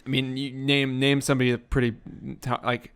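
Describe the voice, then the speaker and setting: Smooth-voiced young guy joking around. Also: mid-range voice, little pitch movement, normal speed, fairly bright tone. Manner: joking, playful, drifts into silly accents. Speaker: podcast co-host. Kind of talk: casual chat. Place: basement.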